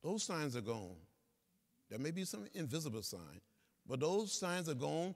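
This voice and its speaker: A man's voice: fairly high pitch, big pitch swings, a little slow. A man in his seventies giving a speech to students in a large lecture hall, with a preacherly cadence and repeated phrases. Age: 70s. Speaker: guest speaker. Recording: reverberant hall sound.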